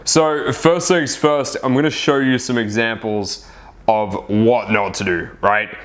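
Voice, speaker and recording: A man's voice: mid-range voice, fairly bright tone. A man talking as a dating coach in a casual advice monologue, chatty, tagging his points with "right?" and swearing freely.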